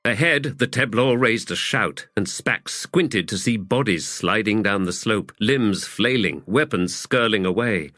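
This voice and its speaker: Fairly low in pitch, a male narrator tells an audiobook story in a measured, expressive manner from a script. There's no room sound, and the quality is studio grade.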